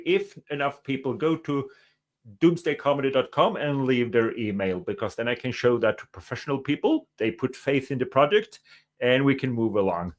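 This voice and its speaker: A man from Norway, a stand-up comedian guest chatting in a playful, joking way. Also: mid-range voice. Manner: playful, joking, loose and quick. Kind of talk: casual interview chat.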